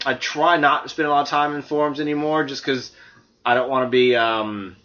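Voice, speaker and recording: Self-mocking Southern podcast host, bright voice. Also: male voice, mid-range voice, steady tone, fairly quick. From American South. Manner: rambling, hesitant, self-mocking. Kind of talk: casual podcast chat. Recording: dull lo-fi podcast audio.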